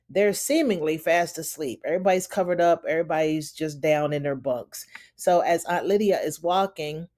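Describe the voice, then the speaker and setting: A woman's voice: fairly low pitch, a little mellow. Chatty woman recapping a TV episode. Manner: chatty storytelling, acting out the characters' lines; loose, conversational with frequent "you know" and "honey". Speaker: TV recap host.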